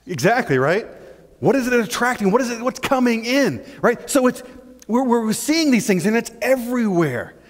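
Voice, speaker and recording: A male pastor preaching a sermon in an animated way, acting out little scenes and often checking in with "right?". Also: sits high. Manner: animated, acts out scenes, keeps asking "right?". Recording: long church-hall reverb.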